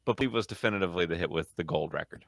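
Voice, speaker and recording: A man's voice: sits low, very fast, creaky, dry recording, clean studio sound. A man co-hosting a casual music review podcast, upbeat and chatty. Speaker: podcast co-host.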